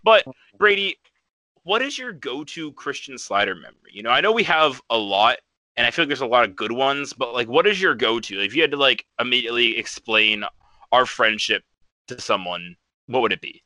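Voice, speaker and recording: A young man with an extremely bright, forward tone hosts a casual livestream chat. He tells stories animatedly, acting out other people's lines and laughing along as he goes. The sound is very dry and close, with no room around him. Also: medium pitch, a little fast, no room sound. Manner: animated storyteller, laughs often. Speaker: podcast host.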